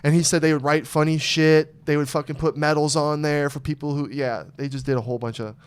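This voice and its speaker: A man's voice: fairly high pitch, steady tone, a little fast, smooth. A man hosting a podcast, telling rambling stories in loose, profane casual chat. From Arizona. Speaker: podcast host.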